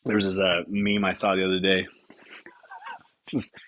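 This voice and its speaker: A man's voice: deep voice, flat delivery, moderate pace, fairly bright tone, slight background noise. A young man hosting a podcast, telling rambling, profane stories full of fillers in a casual way. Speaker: podcast host. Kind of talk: casual storytelling.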